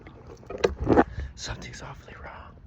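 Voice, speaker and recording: A man's voice: normal speed, lo-fi sound, natural voice. A man doing a scared, whispering wizard. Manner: hushed, often whispered. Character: bewildered, frightened wizard man. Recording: noisy background.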